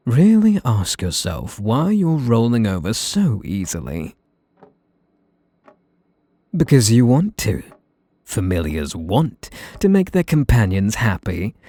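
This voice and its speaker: A man with a British accent, mid-range in pitch, plays a young male mage in ASMR role-play, possessive and sweetly threatening. He talks softly, teasing and talking down to the listener. The recording has no room sound.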